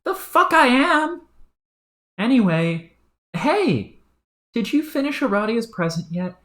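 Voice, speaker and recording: Woman voicing a scheming female troll, higher than her usual, smug, bossy, sarcastic, roomy echo. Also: big pitch swings, a little slow, darkish tone.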